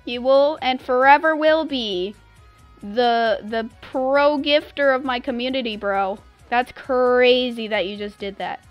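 A woman's voice: fairly high pitch, unhurried, soft background music. A young woman streaming a game live, effusively and dramatically thanking her viewers with lots of exclamations.

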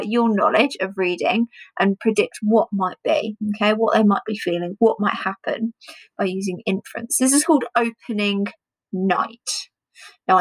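A woman teacher explaining a reading comprehension task to primary pupils, chatty with pauses and fillers. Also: medium pitch, rough recording. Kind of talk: home learning reading lesson.

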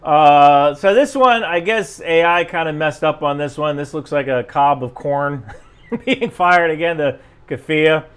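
Male commentator with a softened Jersey accent, slightly high voice, chuckles, rambles, casual. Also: a little slow, smooth. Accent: General American, softened New Jersey. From New Jersey. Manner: chuckling, rambling, self-interrupting. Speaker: YouTube commentator.

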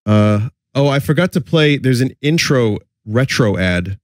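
A man's voice: medium pitch, expressive, measured pace, no echo, clean studio sound. Wry man mocking old commercials. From New York area. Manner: wry, mocking, laughs often. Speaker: streamer reacting to commercials. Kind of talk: casual chat with jokes.

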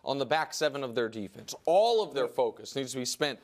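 A man hosting a sports talk show, making emphatic, argumentative points in a fast debate style. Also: medium pitch, expressive.

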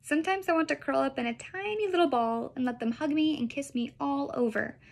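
A woman teacher reading a children's book aloud in an expressive storytelling manner. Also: high voice, brisk, vocal fry.

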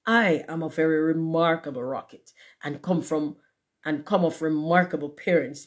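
A woman's voice: deep voice, darkish tone, lightly acted. A woman voicing a pompous, self-important male firework rocket in a storybook reading, haughty and self-pitying.

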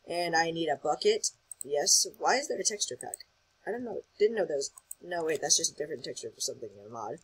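An excitable host rambles through casual gameplay commentary, thinking out loud and reacting as things happen in the game. The voice sits at a middling pitch with a husky, breathy edge. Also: poor audio. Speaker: gaming channel host.

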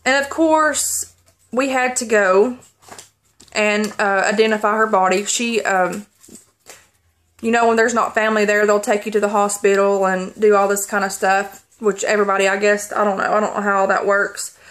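A woman vlogger holding back tears as she tells a personal story, halting and rambling with many pauses and restarts. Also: medium pitch, level tone, a bit bright.

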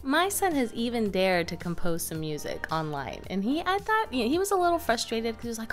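A woman co-hosting a casual curriculum review, talking in a chatty, lively way with frequent fillers. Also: fairly high pitch, fairly quick, hardly any pauses, faint music behind. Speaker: homeschooling mom and channel co-host.

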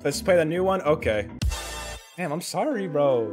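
A young man streams a game with a hoarse, worn-out voice that still jumps around with lively, swooping excitement. He swears and shouts his reactions, and the voice sits a bit high. Faint game music plays behind him. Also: normal speed. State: hoarse, tired voice. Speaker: gaming streamer. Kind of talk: excited gaming commentary.

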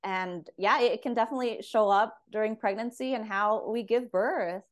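A woman's voice: a little high, moderate pace. A woman hosting a podcast, responding in casual chat, reflective and thinking aloud. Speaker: podcast host.

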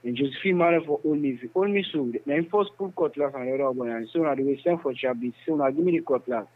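A man with a Sierra Leonean Krio accent recounting events in a phone interview, in halting, repetitive speech. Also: mid-range voice. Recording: tinny phone line.

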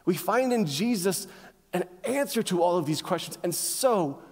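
A male pastor preaching a sermon to a congregation, driving points home with rhetorical questions and emphatic pauses. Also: high-pitched, expressive, a little mellow. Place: church sanctuary. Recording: long hall reverb.

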